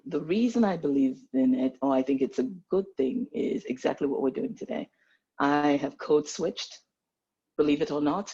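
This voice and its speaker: A woman from Nigeria who works as a medical practitioner speaks as a panelist on a video call. She talks earnestly and animatedly, in a fairly low register. The sound is dull and lo-fi, as over a call. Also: mellow, breathy edge.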